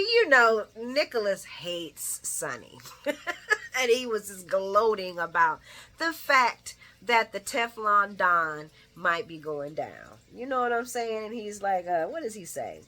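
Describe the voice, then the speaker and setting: A woman's voice: medium pitch, sharp tone. A woman giving a casual late-night soap opera recap, blunt and opinionated, cursing freely and laughing often. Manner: laughs often while talking.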